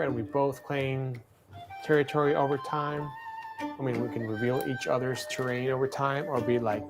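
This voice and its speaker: A man's voice: mid-range voice, moderate pace, over music. Playful man joking through a strategy game. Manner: playful, excitable, jokey game commentary. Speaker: livestream co-host playing a strategy game. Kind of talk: casual livestream chat.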